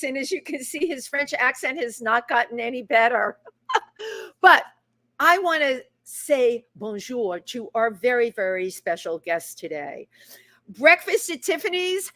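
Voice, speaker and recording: This is an effusive woman hosting a chatty live talk show. Her voice sits a little higher than most women's. She leans into her points with plenty of emphasis. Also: pushed and bright.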